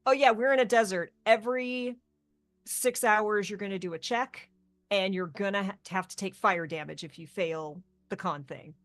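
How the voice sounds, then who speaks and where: A woman who is a guest on a chatty show about tabletop games. She talks with enthusiasm and gushes about how her character copes. Her voice sits at a middle pitch. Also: moderate pace. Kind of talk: casual tabletop game talk.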